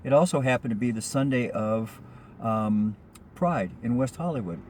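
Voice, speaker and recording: A man spinning a casual story from his driving job, chatty and a little rambling, filling gaps with ums as he goes. His voice sits at an everyday middle pitch, with a faint hum of background noise behind him. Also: lively intonation, moderate pace, darkish tone. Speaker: rideshare driver telling a story. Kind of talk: casual spoken anecdote.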